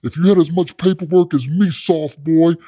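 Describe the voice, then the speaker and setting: A man putting on a loud cocky prison coach. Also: a little high, fairly even intonation, normal speed, voice pushed up, close to an everyday voice. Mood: bossy boasting. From California. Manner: loud, aggressive, boastful, calls others soft boy. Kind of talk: comedic impression.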